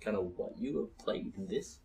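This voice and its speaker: A man's voice: lowish voice, expressive, normal speed, gravelly, a crowd in the background, poor audio. A man co-hosting a casual gaming podcast, telling crude stories with laughter. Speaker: podcast co-host.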